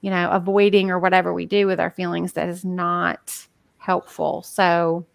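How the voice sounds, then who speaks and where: A woman's voice: lowish voice, little pitch movement, normal speed, vocal fry, no room sound. A woman talking casually on a podcast as a guest coach, chatty and full of filler words. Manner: chatty, many "like" fillers, acts out inner voices.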